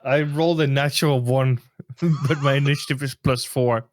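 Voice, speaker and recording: A man's voice: mid-range voice, fairly even intonation, moderate pace, a little hiss or hum. Terse man playing a tabletop game. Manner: terse, short replies. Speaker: player.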